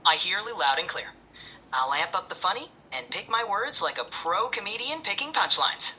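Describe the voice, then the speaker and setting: A woman's voice: fairly low pitch, big pitch swings, moderate pace, bright, forceful tone, a little hiss or hum. A synthetic woman's voice acting as an AI assistant, answering in a cheerful, eager and polished way. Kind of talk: upbeat assistant replies.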